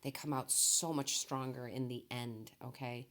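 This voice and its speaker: A tearful woman reads tarot in a very deep, low voice. She speaks softly and gently, reassuring her listeners and checking in with them often. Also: steady tone, moderate pace. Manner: soft-spoken, emotional, reassuring, says okay often. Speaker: tarot reader. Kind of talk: emotional tarot reading.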